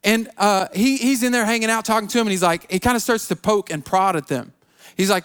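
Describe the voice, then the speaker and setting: A man's voice: high-pitched, quick pace, fairly bright tone, clear, resonant tone. A man preaching a sermon, retelling a Bible story with casual asides and acting out its characters' lines. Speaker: pastor.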